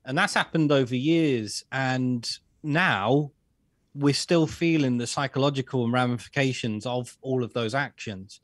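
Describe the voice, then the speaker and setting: A man's voice: medium pitch, normal speed, dry recording. A man talks as a podcast guest in a casual, mock-innocent tone. He repeats words as he works toward his point. His voice is close and dry, with no room sound. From England. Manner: sarcastic, repeats himself while building a point. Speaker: guest, author and social commentator.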